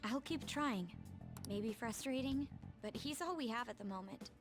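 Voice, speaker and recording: A woman's voice: a little high, expressive, normal speed, natural voice. Makoto, a woman voicing a determined teen girl. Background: game music.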